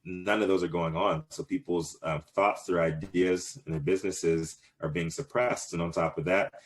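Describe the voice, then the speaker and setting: A man's voice: sits low, fairly even intonation, moderate pace. A man in his thirties answering interview questions casually, rambling with many fillers and restarts. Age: 30s. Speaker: cannabis business owner, guest.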